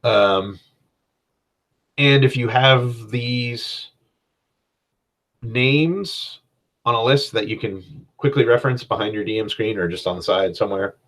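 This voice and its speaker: A man's voice: mid-range voice, takes it slowly, pauses often, a bit bright, rough recording. A man hosting a casual solo podcast as a game master. He rambles in a self-deprecating way and uses many fillers.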